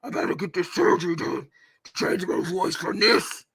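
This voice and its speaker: A woman mocking a raspy, gravelly old lady. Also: on the low side, normal speed, a bit bright, pitched below the performer's own voice, exaggerated voice. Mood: fake guilty. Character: raspy gravelly older woman, sly and shifty.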